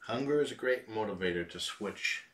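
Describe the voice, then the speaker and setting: A man with a low, bright-edged voice chats casually with viewers at home. He sounds relaxed, with dry little asides. The mic sits a little away from him. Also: moderate pace, distant mic. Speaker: live stream host. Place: home room with cats.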